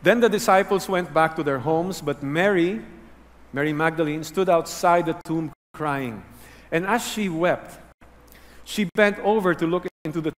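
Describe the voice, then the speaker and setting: A male pastor with a somewhat high voice gives an earnest teaching sermon at a measured pace, dropping low and soft to drive key words home. A long echo from a large hall carries the sound.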